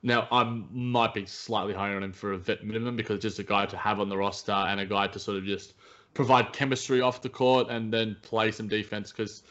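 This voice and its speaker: A man's voice: lowish voice, little pitch movement, fairly quick, fairly bright tone. A man co-hosting a casual basketball podcast, talking with many restarts and fillers. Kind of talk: casual sports chat. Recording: dull lo-fi sound.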